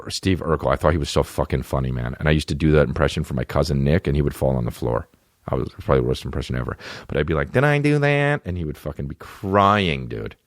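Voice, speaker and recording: A low-voiced man rambles through a comedy podcast, swearing freely and lurching between swooping highs and lows. The sound is dry and close, with little room around him. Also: no room sound. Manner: profane, rambling, jumps into goofy voices. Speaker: podcast host. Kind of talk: casual comedic chat.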